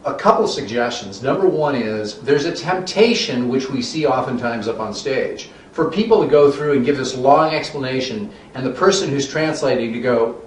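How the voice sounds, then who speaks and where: Man, improv co-trainer, measured and mock-serious, mid pitch, distant roomy sound with faint hiss. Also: lively intonation. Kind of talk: explaining an improv exercise.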